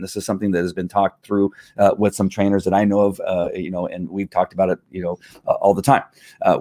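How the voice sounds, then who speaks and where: A man's voice: low-pitched, darkish tone, no echo. A middle-aged man talking casually about dog training, rambling with fillers and restarts. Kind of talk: casual talk answering viewer questions.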